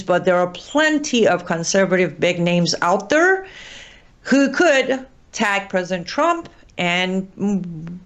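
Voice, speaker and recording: A woman from Iran hosting an online show, giving earnest, pleading political commentary while exhausted and short on sleep. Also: mid-range voice.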